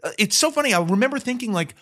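A man's voice: very high-pitched, animated, rapid-fire, a bit bright. A middle-aged man hosting a podcast, telling a story in casual chat with lots of restarts and self-mocking asides. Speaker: podcast host.

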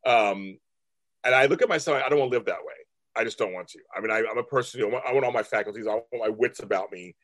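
Man in his fifties, middle pitch, candid interview guest, profane and animated. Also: fast. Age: 50s. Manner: blunt, profane and animated, mimicking family in raised voices. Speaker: guest artist. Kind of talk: candid casual interview talk.

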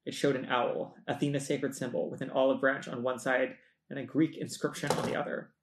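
A man co-hosting a book podcast, reading a passage aloud in a steady, measured way. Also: mid-range voice, roomy sound, background noise.

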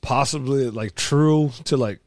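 A man's voice: medium pitch, unhurried. A man in casual chat, telling a story in a rambling way, full of restarts and fillers.

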